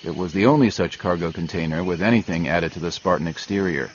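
A man narrating a grim adventure novel in a steady storytelling manner. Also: deep voice, quick pace, lo-fi sound, slight background noise. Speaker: audiobook narrator. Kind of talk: scripted narration.

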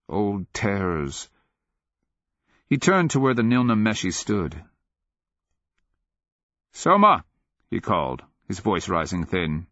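A man with a very deep voice reads a fantasy novel in a measured, grave and steady way. The booth is completely dry, and the sound is a touch muffled. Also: no echo. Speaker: audiobook narrator. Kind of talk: scripted narration.

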